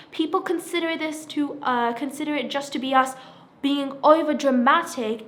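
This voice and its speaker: A sixteen-year-old girl speaking earnestly and haltingly about her own experience, often checking in with "right?". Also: sits high, fairly bright tone. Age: teenager, 16. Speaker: self-help vlogger sharing her experience. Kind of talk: personal testimony to camera.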